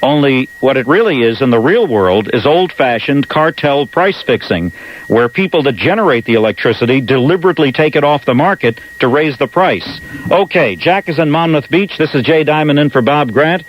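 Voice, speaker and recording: A man's voice: mid-range voice, expressive, moderate pace. A man with a New York accent hosting a talk radio show, talking emphatically and repeating words when he presses a point. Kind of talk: talk radio monologue and calls. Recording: dull archival AM radio with faint hiss.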